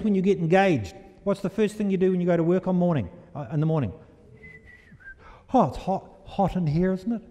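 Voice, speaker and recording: A preacher in a church delivers an animated, storytelling sermon, turning often to the congregation with questions. His voice sits fairly high but has a mellow, dark tone. Long reverb from the hall trails every phrase.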